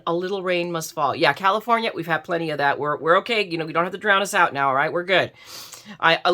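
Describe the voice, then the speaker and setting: A woman's voice: fairly low pitch, fairly bright tone. A woman from southern Florida chatting casually as she unboxes craft supplies, rambling and self-mocking, with frequent restarts. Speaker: craft vlogger.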